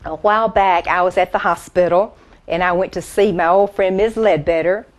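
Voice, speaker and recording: A woman doing an impression of a folksy country comedienne, telling homespun jokes in a drawn-out way and laughing at the punchlines. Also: fairly low pitch, fairly even intonation, natural voice. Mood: chatty. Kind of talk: stand-up storytelling impression.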